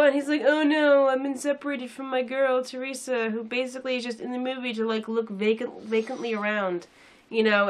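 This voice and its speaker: A woman's voice: medium pitch, fairly bright tone. A young woman casually reviewing a film in a sarcastic, rambling way with many fillers.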